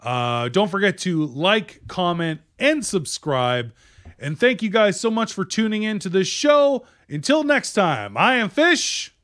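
A man's voice: high voice, sing-song, unhurried, fairly bright tone. A man co-hosting a casual toy show, upbeat and chatty as he plugs pre-orders. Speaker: co-host. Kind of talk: casual chat.

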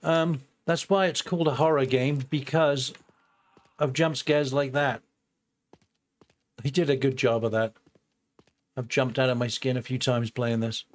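A man's voice: mid-range voice, fairly even intonation, unhurried, pauses often. An older man giving casual let's-play commentary, chatting and thinking aloud to his viewers as he plays. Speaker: gameplay host.

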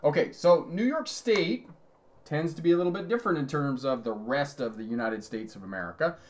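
A man's voice: a little high, a little fast. A middle-aged man, a driving instructor, giving a live lesson, telling road stories with chuckles and reading out viewer questions. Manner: conversational, storytelling with chuckles. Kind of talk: live-streamed lesson answering chat.

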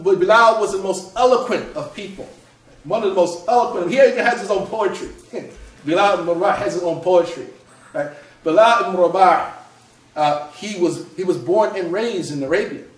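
Lecturing man in an echoey room. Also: high voice. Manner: explanatory, frequent rhetorical "right?" checks and restarts. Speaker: author and Islamic scholar. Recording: echoey room, mic at a distance.

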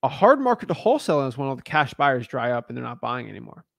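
A man's voice: medium pitch, sing-song, fast, gravelly, no echo. A man hosting a live stream, talking bluntly and emphatically in a slangy, casual way and taking callers. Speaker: host.

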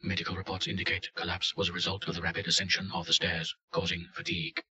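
A man reads a clinical report in a deadpan, very deep monotone. His tone has a hard, forceful edge. The recording sounds dull and lo-fi. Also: fast talker. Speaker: narrator. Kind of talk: scripted narration.

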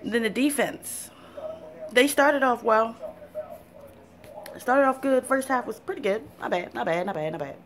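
A woman's voice: fairly high pitch, a little slow, pauses often. A woman ranting about her football team in a fan vlog, blunt and profane. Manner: fired-up, cursing, blunt. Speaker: sports fan vlogger. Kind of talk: profane football rant to camera.

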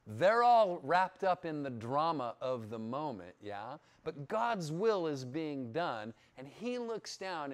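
A man teaching the Bible in a casual, conversational sermon, often checking in with his listeners. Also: on the high side. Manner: chatty, keeps checking in with "yeah?". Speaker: pastor.

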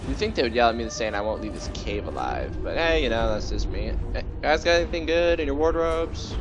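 A man's voice: mid-range voice, very animated, a little fast, hardly any pauses. Jokey man narrating gameplay over music. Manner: goofy, jokey, puts on silly voices. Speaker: gameplay commentator. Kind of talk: casual let's-play commentary. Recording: game music playing behind.

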